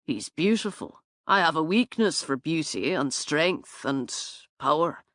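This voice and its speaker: A woman narrator voicing a charming horseman, calm and teasing, with a low, slow, smooth way of speaking. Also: no echo, studio quality. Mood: easy charm.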